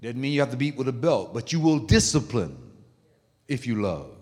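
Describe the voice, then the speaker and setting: A man's voice: mid-range voice, big pitch swings, normal speed, darkish tone. A male pastor preaching a sermon in an emphatic, repetitive style, with asides to the congregation. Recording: echoey hall.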